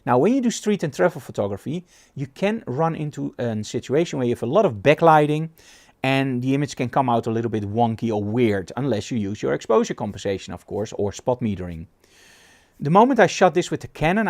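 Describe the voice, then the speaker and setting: A man's voice: mid-range voice, a little fast. A middle-aged man from the Netherlands, teaching a photography class and acting out little dialogues as he tells stories. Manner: animated storyteller, acts out dialogue. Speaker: photography instructor.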